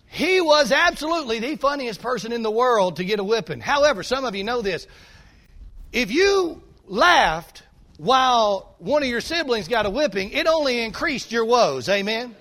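A man with a high voice for a male preacher tells a sermon story from the pulpit. He is folksy and animated, and he keeps drawing the congregation in with asides. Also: normal speed. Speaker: pastor.

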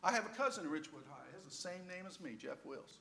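An older man with a slightly high voice, preaching a sermon through a playful personal story. He tells it in a lively way and enjoys the humor in it. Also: fast talker, creaky.

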